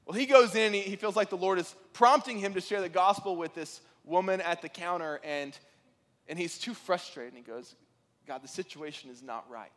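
High-voiced preacher in a reverberant hall. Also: male voice, a little fast. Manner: animated storytelling, rising to excited peaks. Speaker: pastor. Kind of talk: sermon.

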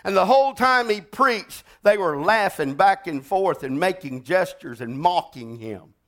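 A man preaching a sermon, telling stories dramatically and swinging from loud to hushed. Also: high voice, expressive, unhurried. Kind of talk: sermon storytelling.

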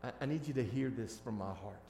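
Male pastor, sermon, hushed to emphatic, echoey room. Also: medium pitch, brisk, gravelly, slight background noise. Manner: swings from hushed and tender to loud and emphatic.

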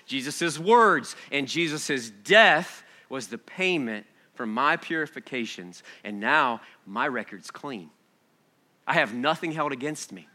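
A man preaching a sermon, reading scripture softly and then building to loud, excited exhortation with rhetorical questions. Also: on the high side.

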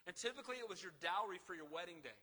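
A man preaching a sermon, animated, with frequent call-outs to the congregation. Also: sits high, very fast. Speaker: pastor. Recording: long hall reverb.

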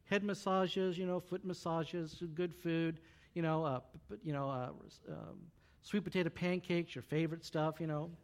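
Gracious young queen, soft and hushed, as a preacher puts her on. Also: a little high, steady tone, normal speed, voice pushed down, close to an everyday voice. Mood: coaxing.

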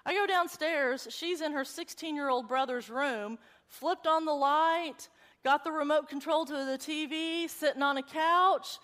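High-voiced woman preaching in a reverberant hall. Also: a little slow. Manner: animated, storytelling, conversational preaching. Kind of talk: sermon. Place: church.

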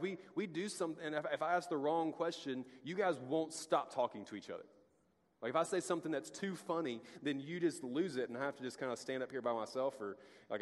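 A pastor giving a casual, conversational sermon, full of restarts and acted-out asides. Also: male voice, medium pitch. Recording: long hall reverb.

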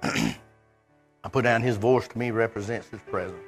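A man preaching a sermon, animated and conversational, voicing God in quoted speech. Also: on the low side, measured pace, pauses often, breathy edge, soft background music.

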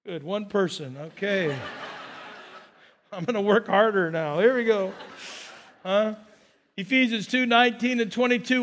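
A man with an unusually high voice preaches in a loose, conversational way. He spins personal stories and coaxes his listeners along as a pastor would from the pulpit. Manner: storytelling, coaxing the congregation with "come on". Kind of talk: conversational sermon.

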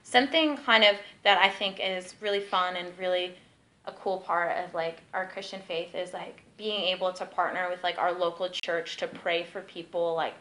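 A woman's voice: on the low side, normal speed, poor audio. A young woman giving a casual ministry teaching, telling stories in a chatty way full of "like". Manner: chatty, peppered with "like", lively storytelling.

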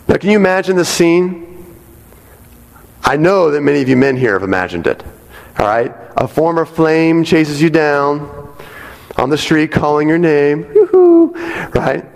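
A man's voice: fairly high pitch, a little slow, creaky, long pauses. A man preaching a sermon to a congregation in a conversational way, often checking in with "right?". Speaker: pastor. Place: church sanctuary. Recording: long reverb of a large hall.

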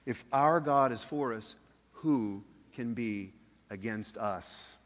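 A man preaching a sermon as pastor, earnest, dropping soft and then rising loud. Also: medium pitch, takes it slowly, a faint crowd, a little hiss or hum. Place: church sanctuary. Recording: long hall reverb.

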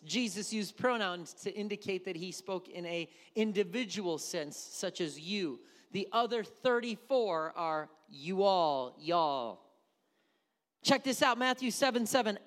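Pastor, male, high voice; emphatic sermon delivery with repeated key words, long hall reverb. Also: lively intonation, slow pace, fairly bright tone. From Wisconsin.

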